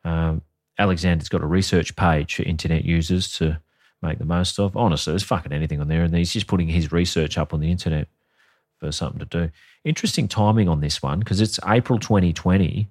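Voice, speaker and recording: A man's voice: sits low, fast talker, darkish tone, dry recording, studio quality. A man hosting a casual comedy podcast, sweary and sardonic as he tells a story. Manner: sweary, sardonic storytelling, reading quotes aloud. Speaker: podcast co-host.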